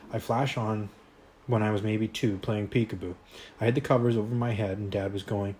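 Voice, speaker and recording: Man, audiobook narrator, low voice, measured, slight background noise. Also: fairly even intonation, low-quality recording. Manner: quiet, measured, occasional slips. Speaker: audiobook reader. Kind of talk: first-person novel narration.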